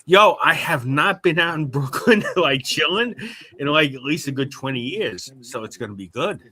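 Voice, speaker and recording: A man's voice: fairly high pitch, animated, moderate pace, pushed and bright. A man in his forties chatting casually and telling stories, a bit drunk, swearing freely. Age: 40s. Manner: swearing streetwise storyteller, tipsy from drinks. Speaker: guest on a live stream. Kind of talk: casual chat.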